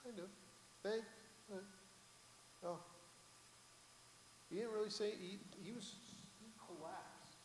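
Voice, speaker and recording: A man's voice: high voice, slow, pauses often, background noise. A man, a rabbi, giving a storytelling sermon from the bima and asking the congregation questions. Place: synagogue sanctuary, on the bima. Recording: echoey hall, roomy reverb.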